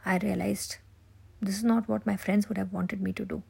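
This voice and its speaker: A woman voicing a grieving grandmother in her sixties, retelling a childhood tragedy in slow, somber, breathy whispered role-play. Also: medium pitch, flat delivery, a little mellow, full character voice. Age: 60s.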